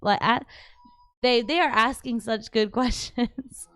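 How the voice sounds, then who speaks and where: Brief: woman host, smooth clear voice, dry close sound, animated and slangy. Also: fairly high pitch, slow, dry recording. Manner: chatty, animated, slangy, trails off and restarts. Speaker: livestream host answering viewer questions. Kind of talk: casual live chat. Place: home.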